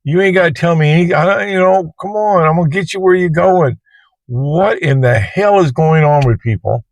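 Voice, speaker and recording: Speaking at normal speed in a slightly high voice, this man is heard in a dry recording. He drives for Uber and vlogs, and here he rambles casually through a story to the camera from inside his parked car.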